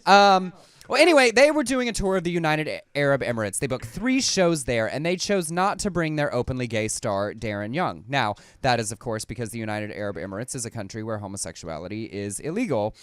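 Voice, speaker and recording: A man co-hosting a talk show, reading out news stories in a lively, playful way with wry asides. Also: mid-range voice, a little fast, clean tone, no room sound. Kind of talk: casual podcast chat, reading news stories.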